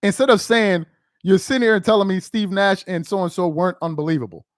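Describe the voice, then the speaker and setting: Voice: medium pitch, brisk, no echo, studio quality. A livestream host giving live reaction commentary, emphatic and repeating phrases for effect.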